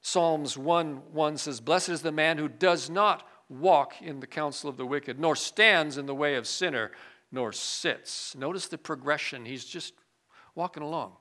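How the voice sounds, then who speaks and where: Man, pastor, sermon, bright tone, slightly high pitch, loud-to-quiet dynamics. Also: measured pace. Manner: swings from loud emphasis to quiet asides.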